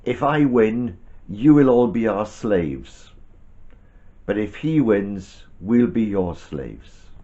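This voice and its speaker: A man voicing a huge, boastful giant warrior in a storybook reading, speaking slowly and booming out his challenge. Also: expressive, mellow, lo-fi sound. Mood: taunting.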